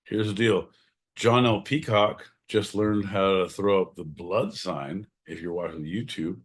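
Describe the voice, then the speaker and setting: A man hosting a podcast, swearing constantly and swinging from shouting to mumbling. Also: low-pitched, a little slow, breathy edge. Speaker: podcast host. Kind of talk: crude comedic banter.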